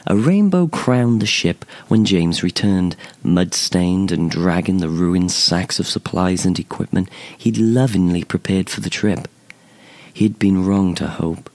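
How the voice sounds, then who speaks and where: A man narrating a fantasy short story in a measured, expressive storytelling manner. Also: low voice. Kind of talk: scripted narration.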